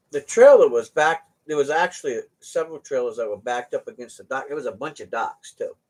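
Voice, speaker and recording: An older man casually telling trucking stories to his viewers, animated, swearing now and then and laughing along. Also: a little high. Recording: distant from the mic.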